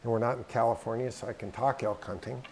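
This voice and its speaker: A man's voice: medium pitch, steady tone, fast. Brief: middle-aged man, folksy drawling storyteller, faint room hum behind. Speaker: guest speaker. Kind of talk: storytelling talk. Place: hangar.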